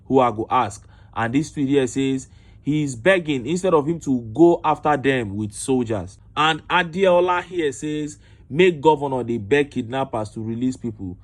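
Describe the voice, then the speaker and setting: A man with a Nigerian accent reading news reports and online reactions aloud, breaking in with indignant rhetorical commentary. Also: medium pitch. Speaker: political commentator.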